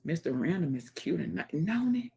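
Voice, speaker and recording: A woman's voice: lowish voice, expressive, unhurried, slightly rough. A woman hosting a casual livestream, greeting viewers by name and chatting as she reads the comments. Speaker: livestream host.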